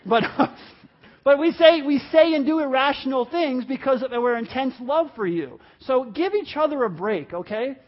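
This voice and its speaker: High-pitched male pastor, chatty sermon delivery, slightly muffled recording. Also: lively intonation, normal speed, hardly any pauses. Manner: conversational, repeats words, acts out quoted people.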